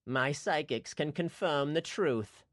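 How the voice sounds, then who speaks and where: Cruel taunting warlord, a guy puts him on, higher than his own voice, slow and menacing, dry sound. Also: fairly bright tone, dry recording. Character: cruel ruthless male usurper warlord.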